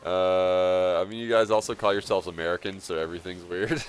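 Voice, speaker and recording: Male game streamer, low pitch, casual rambling chat with frequent laughs, faint noise behind. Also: fast. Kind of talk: live gameplay commentary and chat.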